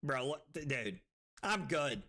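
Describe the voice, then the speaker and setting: Man, tipsy, card game streamer, loud excited outbursts, swearing, laughing, swooping pitch, slow-paced. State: tipsy from drinking. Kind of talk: casual livestream commentary.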